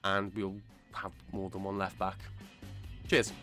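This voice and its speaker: A British man hosting a gaming channel, talking through a let's-play while unwell with a cold, chatty and rambling, correcting himself and bursting into excitement. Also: low voice, unhurried, faint music behind. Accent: British English. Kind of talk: casual let's-play commentary.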